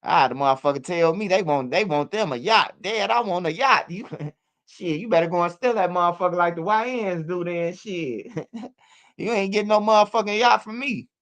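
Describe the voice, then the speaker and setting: A man's voice: high voice, moderate pace. A man giving casual, rambling, profane commentary on street news.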